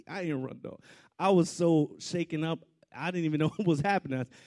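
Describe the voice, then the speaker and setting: A man delivers a storytelling sermon as a preacher. His voice sits somewhat high and leaps around in pitch. He moves from loud outbursts to quiet, hushed asides. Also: lively intonation, fast talker.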